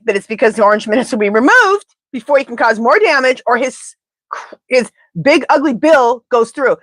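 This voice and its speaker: A woman's voice: a little high, no echo. A woman tarot reader in casual live-stream chat, rambling and talking straight to her viewers.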